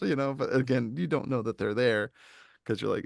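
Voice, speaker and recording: Gravelly guy gushing about a horror movie, acts out bits, dry close mic. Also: mid-range voice, a little fast, dry recording. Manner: animated, acts out scenes in quoted voices. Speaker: podcast co-host. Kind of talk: casual movie review chat.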